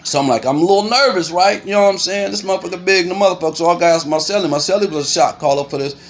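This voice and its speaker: A high-pitched man talks fast as he tells a story casually to camera, using animated, profane street talk. He keeps saying "you know what I'm saying" and makes punching sounds aloud.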